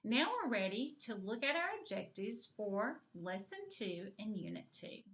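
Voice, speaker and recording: Kindergarten teacher lady, slow and encouraging, voice bouncing up and down a lot. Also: medium pitch, sing-song, fairly bright tone. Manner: slow, clear and encouraging, drawing out sounds. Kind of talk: video literacy lesson for young children.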